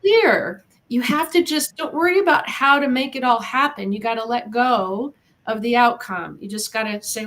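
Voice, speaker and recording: Fairly high-pitched and fairly bright, this woman talks at a normal speed. Interviewed as a podcast guest, the middle-aged animal communicator from Eastern Washington in the US speaks earnestly about her journey and encourages listeners.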